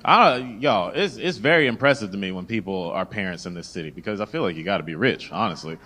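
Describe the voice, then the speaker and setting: Animated Southern-raised man doing stand-up. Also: low voice, fast. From the American South. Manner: animated storytelling, acts out voices of people in his stories. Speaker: stand-up comedian. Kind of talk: stand-up comedy set. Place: comedy club stage with laughing audience.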